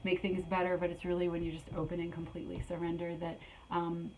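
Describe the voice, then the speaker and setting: A middle-aged woman giving a spiritual tarot reading in a rambling way, repeating her phrases and filling pauses, a little out of breath. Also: on the low side, completely flat delivery, background noise. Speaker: tarot reader.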